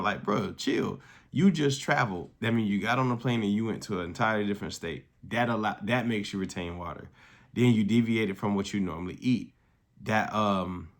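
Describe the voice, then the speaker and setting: A man's voice: lowish voice, a bit bright. A man talking casually to camera about his fitness journey, rambling and swearing freely. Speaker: fitness coach vlogger.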